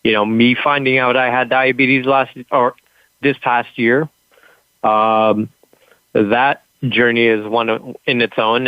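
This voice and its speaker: A man from California calling into a show, his speech halting and stumbling because his mouth is numb from the dentist. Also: mid-range voice, clean tone, dry recording, lo-fi sound. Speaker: caller.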